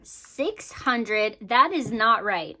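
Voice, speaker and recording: A woman's voice: fairly high pitch, lively intonation, drawn-out words, bright, forceful tone. A woman vlogger chatting casually to her viewers about her budget, upbeat, with frequent ums and laughs. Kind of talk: casual chat to camera.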